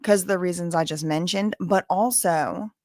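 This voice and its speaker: A woman's voice: on the low side, moderate pace, darkish tone, no echo, clean studio sound. A woman from Louisiana with a Cajun accent, chatting in a rambling, casual way as she hosts a live stream full of asides and filler words. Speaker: livestream host. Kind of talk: casual livestream chat.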